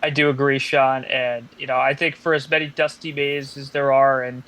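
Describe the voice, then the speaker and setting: Male podcast co-host, mid-pitched, casual opinionated sports talk, halting delivery. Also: little pitch movement, fairly bright tone. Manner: hesitant, lots of uh fillers, opinionated. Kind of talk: casual sports analysis chat.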